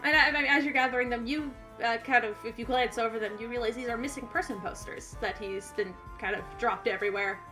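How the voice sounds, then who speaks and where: A woman runs a tabletop game as game master, her voice a bit high and bright. She narrates in a hesitant way, often stopping on fillers. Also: steady tone, fast, few pauses, soft background music.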